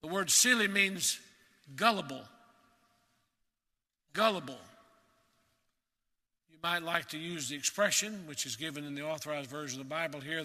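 A man preaching a sermon in an earnest, emphatic way, slowing down to stress key words. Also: fairly high pitch, pushed and bright, long reverb tail.

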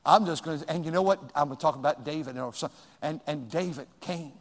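Older pastor guy, folksy sermon, high voice, big echoey church hall. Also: a little fast. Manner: folksy, swings from loud outbursts to low asides.

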